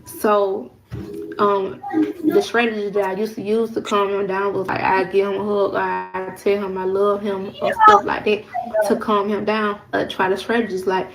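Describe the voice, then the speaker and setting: A young woman tells a storytime tale to her viewers, looping back over her words and leaning on casual slang. Her voice has a rough, creaky texture. A steady hiss of background noise sits under the recording. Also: medium pitch, normal speed, low-quality recording. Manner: rambling, repeats herself, casual slang. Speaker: vlogger.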